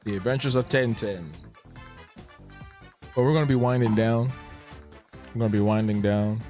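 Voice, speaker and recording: Laid-back slangy man, lowish voice. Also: fairly even intonation, normal speed, dark tone, soft background music. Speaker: live-stream host and artist. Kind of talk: casual live-stream chat.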